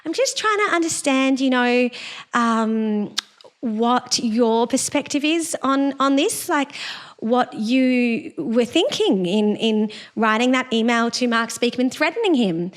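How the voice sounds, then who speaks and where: Woman putting on a sing-song voice, gushing female journalist, high lilting pitch, hesitant, evasive. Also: lively intonation, slow pace. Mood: sugary.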